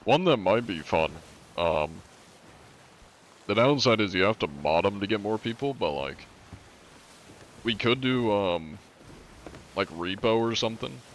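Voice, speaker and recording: Congested, low-voiced male streamer. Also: expressive, unhurried, long pauses, a little hiss or hum. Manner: loose and chatty, swears freely. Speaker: live streamer. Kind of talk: casual gaming livestream chat.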